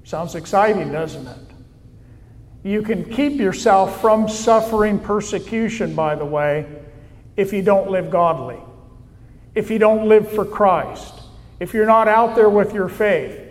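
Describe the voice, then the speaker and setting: A man preaching a sermon to a congregation, reading scripture in a slow, deliberate way with emphatic pauses. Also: high-pitched, big-room sound. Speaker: pastor.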